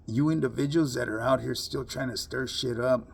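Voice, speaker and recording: A man's voice: mid-range voice, steady tone, normal speed, creaky, husky. A man giving a blunt, profane monologue full of street slang to his online audience. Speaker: social media commentator. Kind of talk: casual monologue to camera.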